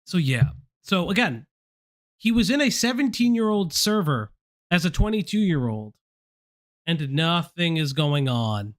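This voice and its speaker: A man's voice: a little high, big pitch swings, dry recording. Wry man hosting a reaction stream. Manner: wry, laughing, quick asides. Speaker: stream host. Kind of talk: reaction commentary.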